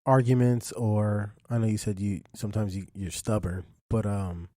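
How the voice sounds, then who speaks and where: A man's voice: on the low side, level tone, moderate pace, mellow, no echo, studio quality. A man hosting a podcast, asking laid-back questions and giving short replies. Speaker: podcast host. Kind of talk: casual interview chat.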